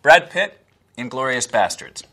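A man's voice: medium pitch, animated, unhurried, sharp tone, faint music behind. A man working as a dialect coach, giving precise, explanatory commentary on film clips.

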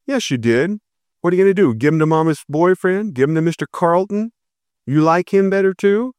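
A bullying, volatile father from a storybook, menacing and accusing, voiced by a man. His voice is smooth and clear, recorded dry and close. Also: high voice, expressive, fairly quick, darkish tone, no echo, voice pushed up. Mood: angry. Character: angry estranged father, grown man, volatile.

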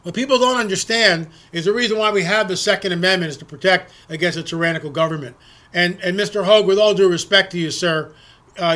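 A man's voice: high voice, a bit bright. A man hosting political talk radio, ranting indignantly and often repeating words as he restarts his sentences.

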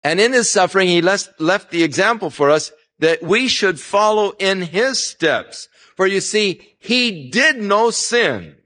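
A man's voice: sits high, animated, a little slow, hardly any pauses, sharp tone. A male pastor giving a conversational Bible-teaching sermon, folksy and anecdotal, with rising emphasis on scripture. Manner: folksy, anecdotal, chuckles at his own stories.

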